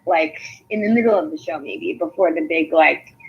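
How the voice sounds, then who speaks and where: A woman's voice: sits low, normal speed, slight background noise. A woman co-hosting a podcast in casual chat, giving brief, agreeable replies. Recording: dull lo-fi sound.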